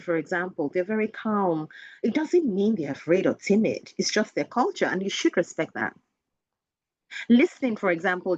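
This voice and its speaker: A woman's voice: medium pitch, dry recording. A woman with a Nigerian accent, an educator giving a webinar talk in an earnest, emphatic and direct teacherly way. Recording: dull lo-fi dry sound.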